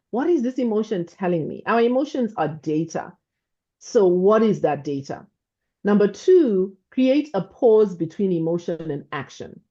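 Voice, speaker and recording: Calm lady speaker giving an online talk, mellow dark voice, slightly muffled call audio, keeps saying "right?". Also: medium pitch. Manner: calm, measured, often adds "right?". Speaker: guest speaker.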